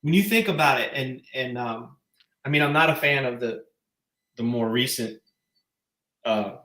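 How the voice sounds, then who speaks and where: A man co-hosting a podcast in casual chat, enthusiastic and quick to laugh, often halting and restarting his sentences. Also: medium pitch, pushed and bright, reverberant. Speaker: podcast co-host.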